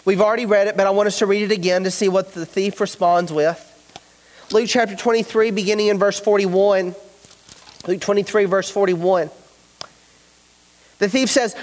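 A man with a drawl preaching in a high, light voice, earnest and emphatic as he works through scripture. His words ring out with a long, echoing reverb, as if from a large church sanctuary. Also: steady tone, normal speed, long pauses. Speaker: pastor. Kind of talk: sermon.

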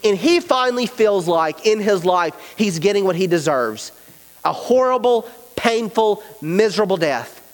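Male pastor, high voice, earnest emphatic sermon delivery, long church reverb. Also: animated, normal speed.

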